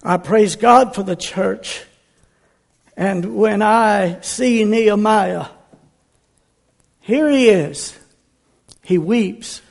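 Male pastor, high gravelly voice, slow emphatic sermon delivery. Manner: fervent preaching, drawn-out emphatic phrases. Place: church sanctuary. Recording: church hall reverb with soft music.

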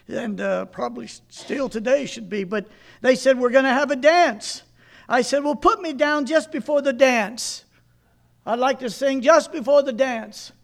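A man's voice: very high-pitched, creaky. A man preaching fervently, reading aloud from a book and stopping to comment, with exclamations of praise.

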